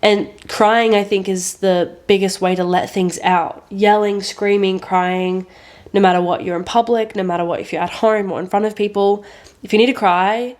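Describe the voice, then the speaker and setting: A woman's voice: mid-range voice, fairly even intonation, moderate pace, darkish tone. Earnest young woman podcast co-host. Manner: earnest, emotional, swears freely. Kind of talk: casual chat, storytelling.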